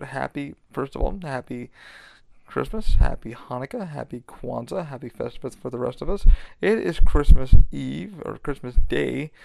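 A man's voice: mid-range voice, creaky, darkish tone, no room sound. A man hosting a podcast in loose, rambling casual chat, swearing freely and filling gaps with ums and restarts. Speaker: podcast host.

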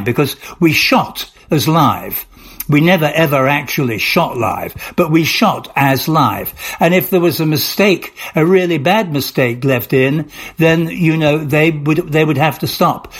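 An older man with a somewhat high voice spins long anecdotes in an interview. He talks in a rambling way, often stopping and restarting his sentences. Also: slightly rough. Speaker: actor guest.

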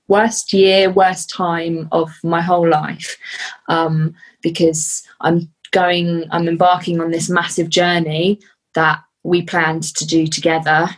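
Brief: young woman guest, somewhat low voice, earnest, halting, heartfelt interview talk. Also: low-quality recording. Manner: earnest and heartfelt, pausing often with "um". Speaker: podcast guest, fitness athlete. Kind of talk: casual interview chat.

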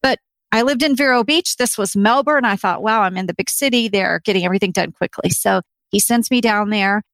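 A woman's voice: medium pitch, brisk, a bit bright, dry recording. A middle-aged woman telling a personal story in an interview, earnest, acting out what people said. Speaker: interview guest.

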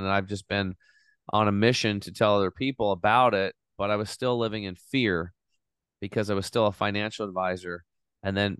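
Animated man, smooth low voice. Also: no room sound, clean studio sound. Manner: animated, swears casually. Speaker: podcast guest. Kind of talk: casual storytelling.

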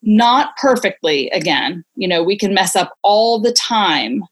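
A woman's voice: medium pitch, expressive, measured pace. Earnest woman explaining parenting ideas. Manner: earnest, explanatory, many "you know" fillers. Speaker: parenting expert guest. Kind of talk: conversational interview explanation.

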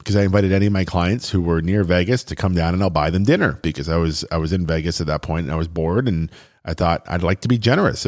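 Deep-voiced man telling a heartfelt story. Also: darkish tone. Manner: earnest, chatty, with restarts and fillers, getting choked up. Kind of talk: emotional personal storytelling.

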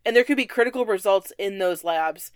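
A young woman working as a hospital case manager, co-hosting a casual chat and telling work stories, acting out staff with shrill outbursts. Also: brisk, dry recording. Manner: animated storyteller, acts out lab staff in shrieking voices. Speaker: podcast co-host, case manager nurse.

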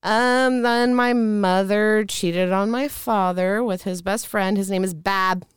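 Young woman, Midwestern American accent, candid storyteller, very clear lowish voice, dry close sound. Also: fairly even intonation, slow, no room sound. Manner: candid, swears freely, laughs often. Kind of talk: casual storytelling chat.

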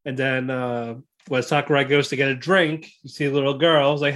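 A man co-hosting a podcast, casually recapping anime episodes in a rambling way and acting out characters' lines in quick voices. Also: medium pitch, little pitch movement, a bit bright. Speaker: podcast co-host.

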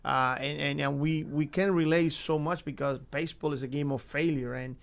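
A man with a gravelly, creaky voice pitched a bit high talks through his baseball days. He speaks earnestly, repeats his words and pauses on fillers, in the easy way of a casual interview. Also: fairly even intonation. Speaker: guest, former baseball coach.

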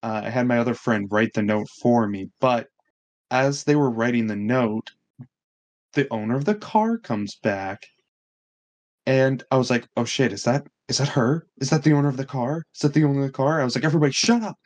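A young man on a casual podcast, where he is a co-host, delivers an animated story at medium pitch and a slightly fast pace. He swears a lot and acts out what others said.

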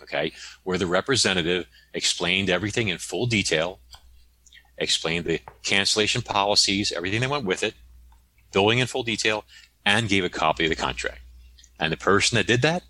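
A man telling stories as an interview guest, animated and tagging his points with "okay?". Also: sits low, fairly quick. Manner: animated, tags statements with "okay?". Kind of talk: conversational storytelling.

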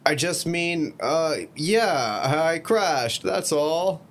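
A man voicing an aimless young stoner in a storybook reading, speaking in a slow, sheepish drawl. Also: fairly high pitch, expressive, fairly bright tone, pitched above the performer's own voice, full character voice.

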